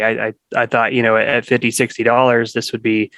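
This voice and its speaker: A man's voice: mid-range voice, monotone, normal speed, fairly bright tone, clear, resonant tone. A man chatting as a podcast guest in an easygoing, rambling way, stopping and restarting his thoughts often. His voice sits in an ordinary middle range. The sound is close and dry, with no room echo. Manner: rambling, many restarts and fillers. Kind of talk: casual conversation.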